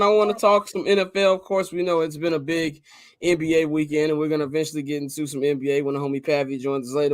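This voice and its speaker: A man from Chicago hosting a sports podcast, relaxed and conversational as he brings in guests and stories. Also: high voice, no room sound, clean studio sound. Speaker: podcast host. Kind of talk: casual hosting.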